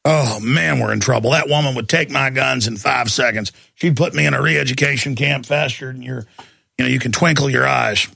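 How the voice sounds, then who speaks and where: A man's voice: medium pitch, brisk, vocal fry, bright, forceful tone, dry recording. A man hosting a talk show, ranting heatedly and emphatically, often repeating himself for effect. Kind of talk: ranting political commentary.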